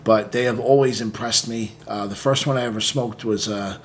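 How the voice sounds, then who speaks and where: A man talking casually as a cigar reviewer, relaxed and conversational, full of fillers and little "okay?" check-ins. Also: lowish voice, moderate pace, slight background noise.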